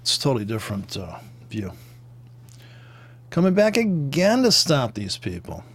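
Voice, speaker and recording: A man talking loosely through a live trading session, drifting between market talk and stray stories. He swears casually, laughs at his own jokes and imitates sounds as he goes. His voice sits in an ordinary middle pitch. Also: huge pitch swings, normal speed, a bit bright, no room sound. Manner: profane, joking, tangent-prone, with laughs and sound imitations. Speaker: forex trading streamer. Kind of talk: rambling casual commentary over trading charts.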